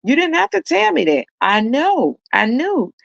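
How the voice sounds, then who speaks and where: A woman voicing a loving mother who gently reassures her son. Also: high voice, big pitch swings, a little slow, gravelly, dry recording, muffled recording, pitched above the performer's own voice, exaggerated voice. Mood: knowing. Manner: soft, gentle, repeating herself.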